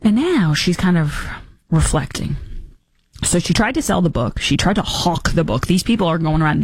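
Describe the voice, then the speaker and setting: A woman hosting a talk show, giving mocking, sarcastic political commentary with theatrical asides. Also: no room sound. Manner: mocking, theatrical, does squeaky impressions.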